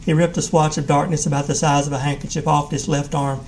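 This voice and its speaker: A man giving a measured live reading of a short story. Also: a little high, level tone, a little mellow, a little hiss or hum, poor audio. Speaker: reader.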